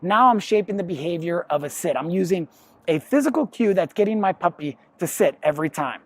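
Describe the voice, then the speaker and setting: A dog trainer talks through puppy lessons in a methodical, matter-of-fact way and leans on everyday comparisons. The voice sits in a middle pitch. It is recorded dry, with no room echo. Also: animated, brisk. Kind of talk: instructional talk to camera.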